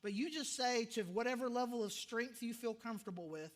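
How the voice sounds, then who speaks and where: A man's voice: very high-pitched, brisk, few pauses. A man who is a pastor, preaching a sermon in a conversational way, often repeating himself for emphasis. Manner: conversational, self-interrupting, emphatic repetitions.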